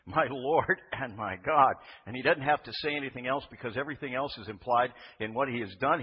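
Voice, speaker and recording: A man delivers a sermon in a church, talking it through and putting rhetorical questions to his listeners. His voice sits a touch low and sounds breathy. The recording is dull and carries the long reverb of a large hall. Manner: conversational, asks rhetorical questions. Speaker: preacher.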